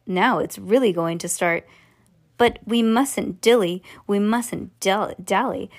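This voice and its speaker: A woman's voice: medium pitch, natural voice. A woman reading aloud and voicing an eccentric, cheerful male chocolate-factory owner who talks in a bubbly, fussy rush.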